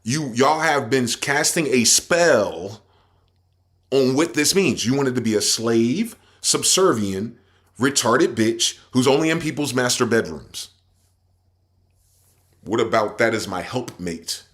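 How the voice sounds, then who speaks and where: Swearing guy ranting at his audience, reads dictionary bits out, loud then mumbly, mid-pitched voice. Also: animated, takes it slowly. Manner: profane, confrontational, swings from loud to muttering. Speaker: podcast host. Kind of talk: ranting commentary while reading definitions aloud.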